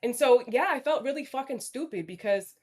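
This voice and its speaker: A woman with a high, animated voice speaks fairly quickly as a guest on a livestream panel over video call. She is blunt and apologetic in the candid chat and swears a lot.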